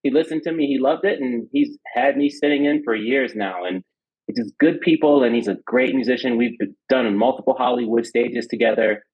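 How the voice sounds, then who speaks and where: A man's voice: mid-range voice, a little fast, husky. Enthusiastic man telling a story, lo-fi. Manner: excited, storytelling. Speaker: guest. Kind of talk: casual podcast chat. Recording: dull lo-fi sound.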